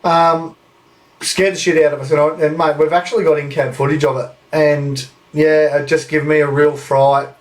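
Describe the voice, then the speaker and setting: Rambling Australian bloke with swearing. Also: male voice, fairly high pitch, flat delivery, normal speed, far from the mic. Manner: rambling, swears freely, acts out voices in anecdotes. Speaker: podcast host. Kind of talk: casual storytelling.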